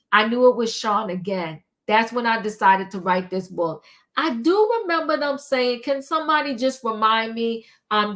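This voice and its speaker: Older lady reading a long text out loud, stops a lot, lots of ums and restarts, middle pitch. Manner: halting, with many ums and restarts. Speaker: commentary vlogger. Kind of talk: casual commentary, reading a text aloud.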